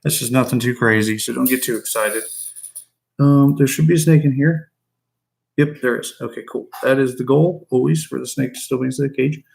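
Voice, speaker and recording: A man's voice: mid-range voice, fairly even intonation, fairly quick, vocal fry, a little mellow. A man who keeps reptiles, chatting casually to his live-stream viewers and to his snakes as he works. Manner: chatty, talks to the animals and chat.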